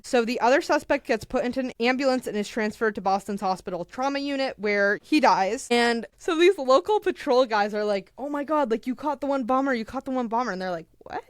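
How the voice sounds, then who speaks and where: A young woman tells a true crime story to a friend in loose, lively podcast chat. She acts out quotes and leans on "like" as she goes, her voice mid-pitched and recorded dry and close. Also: smooth, dry recording. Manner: animated, acts out quotes, filler "like". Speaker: podcast co-host retelling a true crime case.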